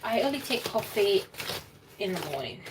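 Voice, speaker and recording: A woman hosting a casual cooking live stream from her home kitchen, chatty and excitable, rambling as she goes. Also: mid-range voice, moderate pace. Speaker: cooking livestream host. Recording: distant mic with clear room noise.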